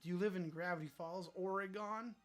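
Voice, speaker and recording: A man's voice: high voice, steady tone, fairly quick, a bit bright, soft background music. A man hosting a casual livestream, joking around and answering viewer chat aloud, with some swearing. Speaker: livestream host.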